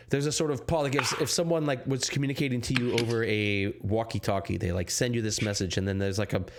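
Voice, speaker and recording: A young man as dungeon master, narrating a tabletop game in a rambling way with many restarts. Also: mid-range voice.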